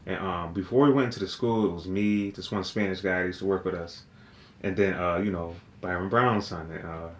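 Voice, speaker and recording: A man's voice: sits low, steady tone, a little fast. A man co-hosting a podcast, telling a casual story in a slangy, laid-back way and laughing often. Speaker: podcast co-host. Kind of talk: casual chat. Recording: roomy, echoey room with faint noise.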